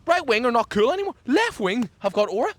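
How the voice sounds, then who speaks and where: A man co-hosting a casual chat outdoors, ranting jokily with sudden jumps in pitch. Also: fast, dry recording. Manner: animated, jokey rant with sudden pitch jumps. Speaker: podcast co-host. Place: outdoors, people walking past.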